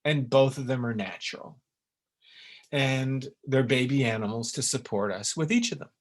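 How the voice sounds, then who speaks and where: A man teaching in a webinar, in an earnest and emphatic way, with sudden lively jumps in pitch. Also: normal speed. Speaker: essence maker teaching a webinar. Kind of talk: webinar talk. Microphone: webinar recording.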